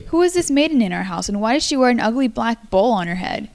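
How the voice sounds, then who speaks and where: A woman voicing an earnest, gentle young man in a storybook folktale, read plainly in her own voice with little change. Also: a little high, animated, fast talker, creaky.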